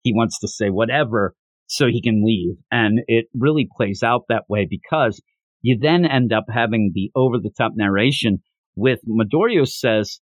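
A man hosting a podcast, recapping a manga chapter in an animated, enthusiastic way. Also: lowish voice, normal speed, no room sound, muffled recording. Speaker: podcast host.

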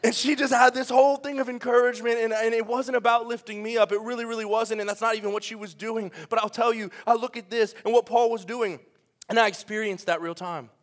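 A young adult man preaching a sermon in a church, animated and joking, firing questions at the congregation. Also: very high voice, quick pace. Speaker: pastor. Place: church sanctuary.

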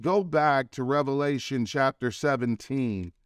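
A middle-aged pastor preaching a sermon, building emphasis and slowing to drawn-out calls to worship. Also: male voice, medium pitch, clean tone, dry recording, studio quality.

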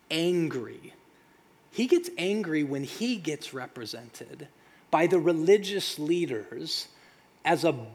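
A man preaching a sermon as pastor, talking conversationally with dramatic pauses and rhetorical questions. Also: on the high side, husky. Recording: long reverb of a large hall.

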